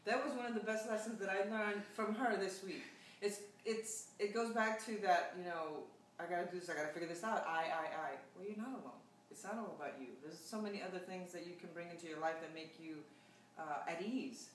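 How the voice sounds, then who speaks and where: Fast-talking actress in an echoey room. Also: female voice, medium pitch. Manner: animated, breaks into playful quoted voices. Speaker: actress, interview guest. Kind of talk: casual spiritual chat. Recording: very echoey room, mic at a distance, faint noise.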